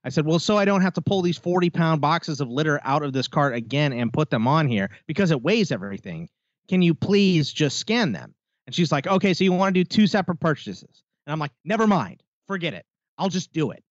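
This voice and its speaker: A man's voice: a little high, fairly quick, dry recording, highs cut off. A man co-hosting a podcast, telling a story in casual chat and acting out the people in it. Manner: animated storytelling with quoted voices. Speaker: podcast co-host.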